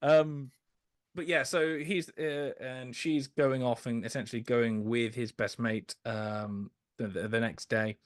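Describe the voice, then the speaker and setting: A man's voice: medium pitch, steady tone, unhurried, no room sound, clean studio sound. A man casually talking through an old musical film as a podcast co-host, hesitant, with many fillers and restarts. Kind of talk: casual film review chat.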